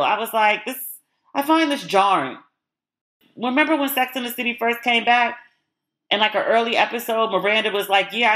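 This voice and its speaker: A woman hosts her own podcast and talks alone in a loose, casual way. Her voice is bright and forceful, and she sits at an ordinary middle pitch. She is candid and blunt, swears freely, and acts out quotes as she retells things. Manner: animated retelling with acted-out quotes. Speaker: podcast host. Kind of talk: casual solo chat.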